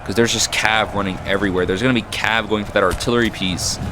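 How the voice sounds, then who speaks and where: Excitable lower-voiced man commenting a battle. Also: fast. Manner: excitable, reacts with frequent exclamations. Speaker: gaming commentator. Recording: noisy with battle sounds behind. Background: gunfire and battle noise from the game.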